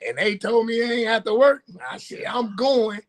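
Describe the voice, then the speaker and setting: A man co-hosting a casual sports talk livestream, telling stories with laughter and loud bursts. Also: extremely high pitch, lively intonation, brisk. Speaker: co-host. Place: livestream call.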